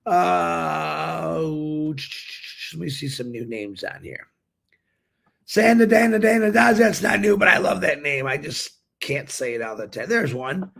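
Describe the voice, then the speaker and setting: A man's voice: on the high side, expressive, slow pace, creaky, a bit bright. A man hosting a daily live stream, greeting viewers by name and chatting in an upbeat, rambling way.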